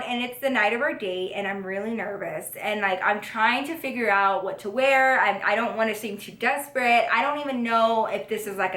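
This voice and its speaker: A woman's voice: a little high, pushed and bright, reverberant. A woman, chatty, swearing a lot and saying "like" constantly. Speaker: YouTube storyteller. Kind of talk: casual storytime vlog.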